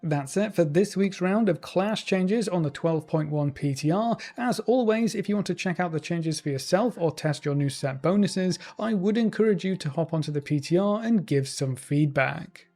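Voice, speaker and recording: A man narrating scripted game update news in a measured, even, lightly dry delivery. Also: high voice.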